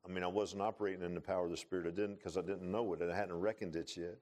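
A man preaching a sermon in a folksy, animated way, often calling listeners "man.". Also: sits low, rapid-fire.

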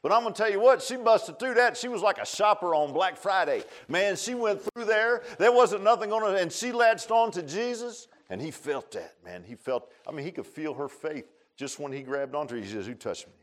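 A man preaching a sermon in a folksy way, swinging between quiet asides and loud exhortation. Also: sits high, moderate pace, few pauses. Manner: repeats "I'm gonna tell you what" and "man", asks "huh?".

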